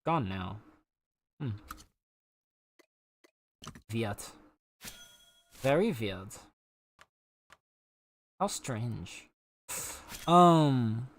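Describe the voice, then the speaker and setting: Slow, lively-pitched teasing game streamer. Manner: playful teasing, chatty asides to viewers. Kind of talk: casual live-stream chat while gaming.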